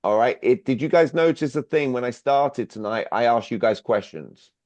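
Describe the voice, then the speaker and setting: Leading an online workshop as a clarity coach, this British man engages listeners by asking them questions again and again. His medium-pitched voice is expressive and a little mellow at a moderate pace, and the dry, slightly dull video call audio has no echo.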